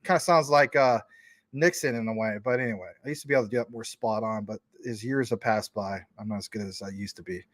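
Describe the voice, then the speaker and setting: Speaking quickly in a fairly low voice, a man hosts a laid-back crypto livestream, rambling through viewer comments with plenty of fillers. There's no echo on the recording.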